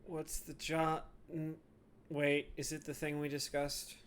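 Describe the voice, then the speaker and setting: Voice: mid-range voice, monotone, slow, natural voice. A player voicing a blunt, impatient woman mercenary who answers in short, irritated lines. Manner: curt, irritated.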